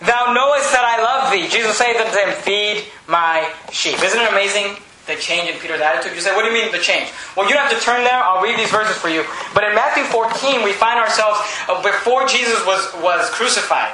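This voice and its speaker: A man preaching a sermon with fervor, rising to shouts and reading scripture aloud. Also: high voice, quick pace, few pauses, heavy reverb, background noise. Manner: fervent preaching, rises to shouts, reads scripture in old English.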